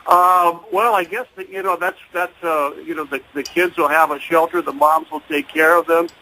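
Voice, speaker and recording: A man's voice: fairly high pitch, steady tone, moderate pace, pushed and bright, rough recording. A man calling in to a talk radio show, speaking hesitantly with many stops and restarts. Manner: hesitant, full of fillers and restarts. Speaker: caller.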